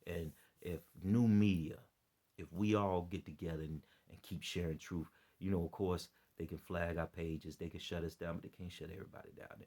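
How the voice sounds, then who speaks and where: Weary gravelly-voiced man preaching to camera. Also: low-pitched, steady tone, moderate pace, darkish tone. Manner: rambling, repeats phrases, preachy appeals to listeners. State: worn out and dead tired. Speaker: online preacher and commentator. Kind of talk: impassioned unscripted vlog commentary.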